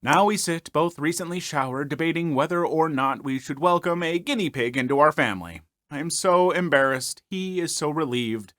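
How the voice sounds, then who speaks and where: A man's voice: fairly high pitch, moderate pace, fairly bright tone, no echo, studio quality. A man hosting a podcast, reading online stories aloud and breaking off for playful, self-mocking asides.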